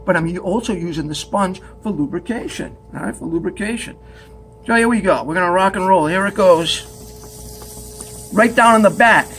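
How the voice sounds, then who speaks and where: A man's voice: high voice, moderate pace, fairly bright tone, a little hiss or hum. A man teaching pottery at the wheel in a studio, chatty and joking as he demonstrates step by step.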